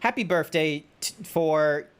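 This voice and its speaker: A man's voice: fairly high pitch, takes it slowly, clean tone. A man with an Australian accent chatting playfully with his chat while streaming a game. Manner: playful, joking, teasing chat. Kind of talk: casual chat while gaming.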